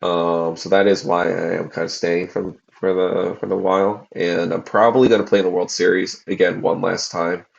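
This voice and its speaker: A man in his forties, a podcast host, rambling casually on a livestream with lots of profanity and fillers, tired from fasting. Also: low-pitched, little pitch movement, creaky, lo-fi sound. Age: 40s.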